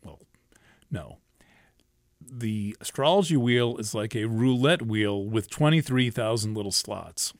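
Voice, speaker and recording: A man's voice: on the low side, measured pace, dry recording, studio quality. A man giving a casual astrology talk, rambling and emphatic, often restarting and cursing freely.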